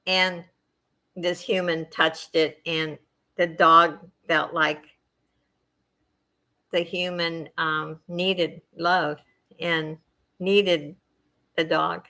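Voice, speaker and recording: A middle-aged woman hosting a casual chat with her viewers, soft-spoken and emotional, wandering from thought to thought with many fillers. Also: on the low side, little pitch movement, extremely slow, pauses often. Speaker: channel host chatting with viewers.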